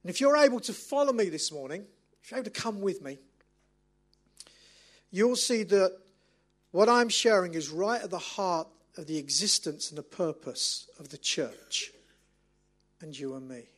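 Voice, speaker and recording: A middle-aged man, preaching a sermon as an animated, self-mocking storyteller. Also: high voice, normal speed, pauses often.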